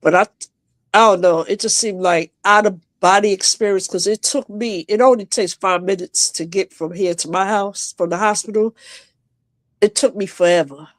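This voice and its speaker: On a live stream, a guest woman tells an emotional personal story over a home video call, pausing and picking back up repeatedly. Her tone is steady and her pitch medium, with no room sound in the recording.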